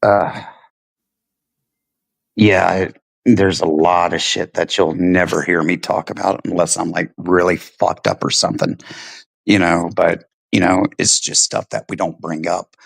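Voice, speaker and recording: Low gravelly-voiced man telling stories. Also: fairly even intonation, measured pace, no echo, low-quality recording. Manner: laid-back, swearing, storytelling with frequent "you know" and "right". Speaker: stream co-host, veteran. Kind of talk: casual chat.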